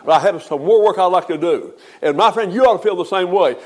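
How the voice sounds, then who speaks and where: A man's voice: high-pitched, fast talker, darkish tone. An older man, a pastor preaching a folksy funeral sermon that swells to emphatic peaks.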